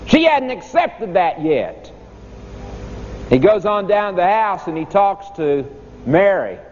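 A man's voice: high-pitched, sing-song, slow pace, a little mellow. A man preaching a sermon, emphatic, with dramatic rises and falls in his voice. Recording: echoey hall, dull lo-fi sound, faint noise.

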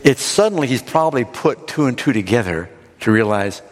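A man preacher giving a sermon, retelling the story in a dramatic, animated way. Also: medium pitch, fairly quick. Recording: long hall reverb.

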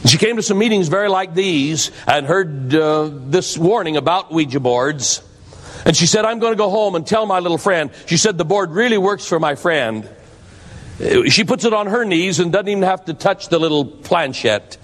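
Male preacher, slightly high voice, earnest warning sermon, long hall reverb. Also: expressive, normal speed, a bit bright. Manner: earnest, warning tone with storytelling asides.

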